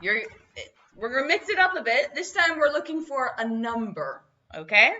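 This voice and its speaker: Lively, high-voiced woman co-host. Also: normal speed. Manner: playful, giggly banter. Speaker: quiz co-host. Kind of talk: casual live quiz hosting. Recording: muffled, lo-fi stream audio.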